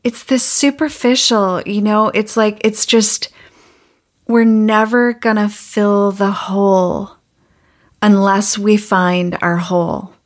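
Woman, podcast host, thoughtful, spiritual phrasing, slow pace. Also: mid-range voice, level tone. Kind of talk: conversational interview.

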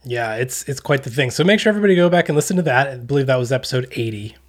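An American man from Texas, a podcast co-host in casual chat, upbeat and quick to laugh. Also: medium pitch, expressive.

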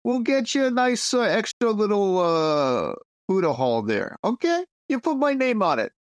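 A man's voice: high voice, sing-song, moderate pace, pitched above the performer's own voice. A man voicing a tough male mob boss, making veiled threats in a swaggering, coaxing way. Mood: menacing, coaxing. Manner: swaggering, wheedling New York mobster talk.

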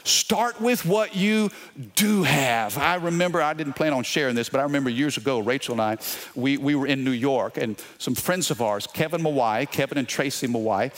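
A man's voice: medium pitch, moderate pace. A middle-aged man with a Louisiana accent, preaching a sermon, telling a story and calling out to the congregation. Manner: storytelling with repetitions and crowd call-outs. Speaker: pastor.

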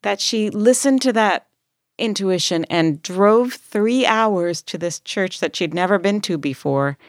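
A woman's voice: mid-range voice, measured pace, dry recording, studio quality. A woman co-hosting a podcast, chatting casually and chiming in with short replies. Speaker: podcast co-host. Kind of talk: casual chat.

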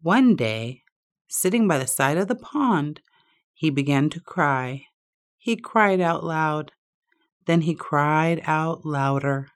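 A woman with a low voice tells a children's story at a very slow, unhurried pace. Her delivery is expressive, with a lively rise and fall of pitch and lots of repetition.

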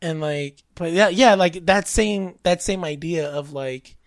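A woman's voice: on the low side, a little slow, no echo, clean studio sound. A woman co-hosting a podcast who rambles in casual chat, filling her talk with "like" and frequent laughs. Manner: rambling, heavy use of "like", laughs often. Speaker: podcast co-host.

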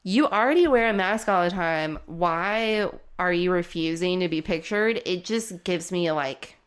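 A woman's voice: on the low side, a little slow, clean tone. A woman co-hosting a casual podcast, talking in a chatty way with lots of "like" fillers. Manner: chatty, frequent "like" fillers, laughs easily. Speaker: podcast co-host. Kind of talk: casual chat.

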